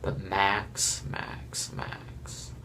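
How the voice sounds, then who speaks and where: A man's voice: very slow, pushed and bright, a little hiss or hum. A man from Florida giving a casual, blunt and rambling review of a reality show, with chuckling asides.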